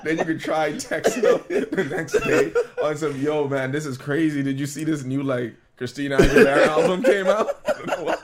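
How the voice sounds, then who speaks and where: A man's voice: on the high side, big pitch swings, moderate pace, few pauses, heavy background noise. A man co-hosting a podcast, telling stories and teasing with frequent laughter. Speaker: podcast co-host. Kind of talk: casual chat.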